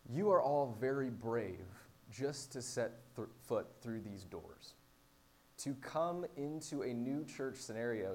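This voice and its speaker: A man's voice: mid-range voice, mellow. A pastor delivering a sermon in a conversational, wry way, speaking directly to his congregation.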